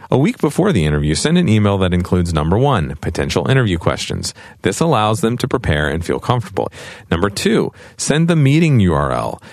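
A man's voice: sits low, no room sound, studio quality. A man giving a scripted tip segment, laying out steps one by one. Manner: clear step-by-step delivery. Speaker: podcast producer giving tips.

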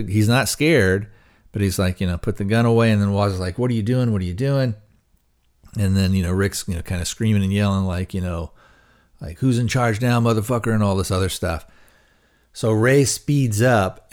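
A man's voice: fairly low pitch, darkish tone. A man hosting a podcast, casually recapping a TV episode with lots of fillers and restarts. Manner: rambling, many fillers and restarts. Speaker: podcast host reviewing a TV episode.

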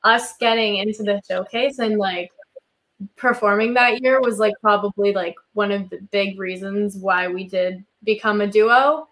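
A young woman from a music duo talks in a relaxed, easy way in a casual interview. Her voice sits at a middle pitch, and she leans on "like" as filler. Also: measured pace. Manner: relaxed, heavy use of filler "like".

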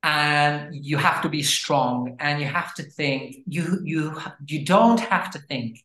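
A man chats animatedly as an interview guest and keeps the story moving with frequent fillers. His voice sits on the higher side, and the recording has a roomy echo. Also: takes it slowly, bright, forceful tone. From Brazil. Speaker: guest, language educator. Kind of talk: casual interview chat.

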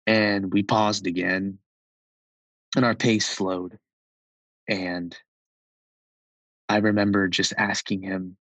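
A young man in his twenties tells a story from his own life in a relaxed, conversational way. His voice sits fairly low, and he scatters "like" through his sentences and breaks into small laughs. The sound is dry and close, with no room around it. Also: takes it slowly, long pauses, dry recording, poor audio. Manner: conversational, with frequent "like" and soft laughs. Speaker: storyteller recounting a personal experience. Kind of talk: casual personal storytelling.

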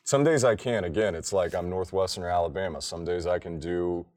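A man's voice: low voice, fairly quick, a little mellow. A man co-hosting a casual sports podcast, ranting emphatically and swearing freely. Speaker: podcast co-host.

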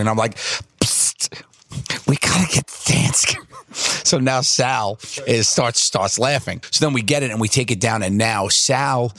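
Husky low-voiced man telling a story. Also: a bit bright, no echo. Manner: laughs through a story, acts out quotes. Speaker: podcast guest. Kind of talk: casual storytelling chat. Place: apartment.

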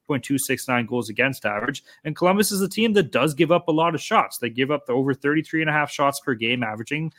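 A man's voice: medium pitch, animated, fast, hardly any pauses, fairly bright tone. A man co-hosting a sports betting podcast, chatting casually and swearing often. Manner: loose, swears often, joking. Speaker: podcast co-host.

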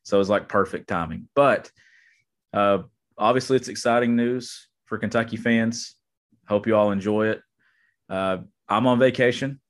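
A man's voice: lowish voice, normal speed. A man co-hosting a sports podcast, chatting casually and enthusiastically from a remote spot. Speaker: podcast co-host. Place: remote, on vacation.

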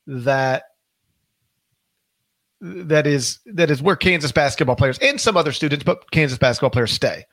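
A man's voice: on the high side, animated, moderate pace, a bit bright, dry recording. A middle-aged man hosting a podcast, talking casually, rambling and correcting himself, stressing key words. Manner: rambling, self-correcting, emphatic. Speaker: podcast host.

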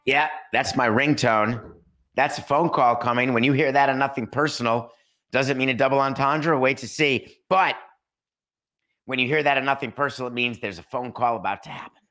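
A middle-aged man riffs through a solo sports podcast monologue. His voice is bright and forceful. He slips into made-up dialogues and acts them out as he goes. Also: medium pitch, fairly quick. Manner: animated, acts out imagined dialogues. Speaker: podcast host.

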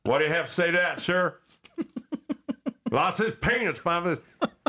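A man's voice: high-pitched, expressive, moderate pace, bright, forceful tone, voice pushed up, heavily acted. A man playing a pushy conspiracy-minded male interviewer who keeps repeating himself and calling people sir. The voice sits well above his own and sounds strained and changed. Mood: badgering. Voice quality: insistent, repetitive, sirring. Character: pushy male right-wing conspiracy journalist.

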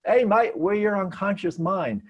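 A man playing a gruff, unshaven tough from a dockside bar, speaking in an Australian accent. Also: high-pitched, animated, a little slow, highs cut off, voice pushed up, exaggerated voice. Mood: mocking.

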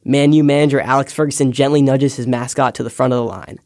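A man's voice: mid-range voice, fairly even intonation, fast talker, darkish tone, dry recording, clean studio sound. Young man reading a wry essay. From United States. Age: young adult. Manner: wry, storytelling read. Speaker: podcast intern. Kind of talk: scripted personal essay.

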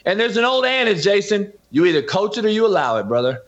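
Man, interview guest, emphatic, preachy, higher voice, muffled lo-fi audio. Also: very animated, fast. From California. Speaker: podcast host and former coach, guest. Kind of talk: heated interview talk.

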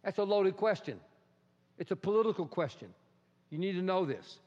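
Animated preacher man in a reverberant hall. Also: sits high, moderate pace. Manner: animated preacher, swings loud and hushed, acts out quotes. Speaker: pastor. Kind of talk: sermon. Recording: dull sound in a reverberant hall.

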